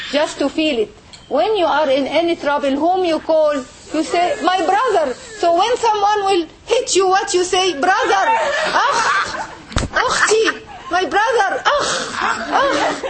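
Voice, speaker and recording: High-voiced teacher. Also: female voice, very noisy. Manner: repetitive, checks understanding with frequent "okay?". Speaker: Arabic and Quran teacher. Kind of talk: classroom lesson.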